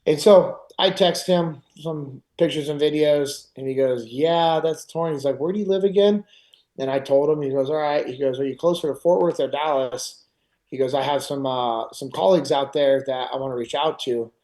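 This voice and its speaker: A middle-aged podcast host with a fairly high-pitched voice tells a personal story at a moderate pace. His casual, animated retelling includes acting out other people's lines.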